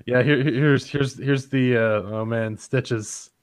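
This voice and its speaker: A man with a Canadian accent hosts a laid-back gaming chat show. His delivery is rambling, full of restarts and repeated words, and his pitch sits in an ordinary middle range. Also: steady tone, takes it slowly. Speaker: podcast host. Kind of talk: casual chat.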